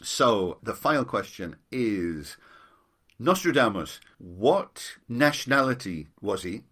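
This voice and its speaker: A man's voice: lowish voice, sing-song, slow, fairly bright tone. A middle-aged man hosting a podcast interview, chatting casually and joking like a quizmaster. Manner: jokey, self-deprecating quizmaster. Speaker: podcast host.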